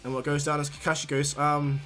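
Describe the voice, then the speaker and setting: A man casually retells a fan-made story, rambling and restarting often. His voice sits a little high, and faint music plays under him. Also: flat delivery, a little fast, pushed and bright. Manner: rambling, many fillers and restarts.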